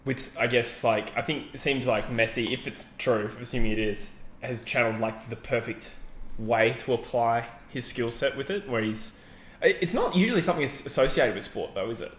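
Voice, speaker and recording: Speaking at normal speed in a mid-range, fairly bright voice, a podcast co-host chats casually, hedging, rambling and correcting himself along the way. Roomy echo, faint background ambience and a little hiss or hum color the recording.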